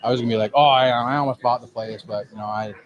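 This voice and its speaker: A man's voice: mid-range voice, fairly even intonation, quick pace, muffled recording. A man, a cigar lounge owner telling a rambling, profane, self-mocking story in a lounge. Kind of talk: casual storytelling.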